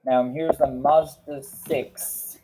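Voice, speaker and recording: Man, casual reaction commentary, slow unhurried speech, plain matter-of-fact delivery, noisy recording. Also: on the high side, fairly even intonation. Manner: slow, matter-of-fact, listing cars one by one. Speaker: reaction video host. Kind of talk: casual commentary naming car models. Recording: clear background noise with clicks.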